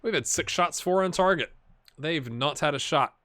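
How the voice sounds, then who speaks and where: This man's voice sits on the high side, sharp in tone, at a moderate pace. He's casually chatting to his audience during a football manager game, cheering or mumbling as the match plays. It's let's-play commentary captured on an earbud headset.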